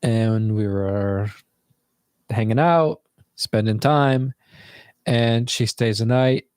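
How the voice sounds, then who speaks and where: A man's voice: medium pitch, slow, darkish tone, clean tone, dry recording, clean studio sound. A young man telling a rambling, casual story to viewers from his bedroom, swearing freely as he goes. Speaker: vlogger.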